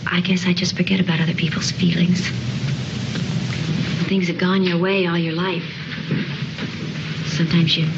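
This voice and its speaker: An actress playing a scheming young sorority leader who offers a controlled, false apology, in a dull, hissy old film recording. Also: female voice, on the low side, creaky.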